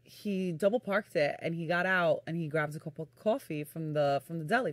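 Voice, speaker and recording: A woman's voice: sits low, moderate pace, few pauses, no room sound. A woman, co-hosting a casual chat, laughing often and telling stories about her family. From Brooklyn, New York. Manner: chatty, laughs often, drops into a hush for story suspense. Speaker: podcast co-host.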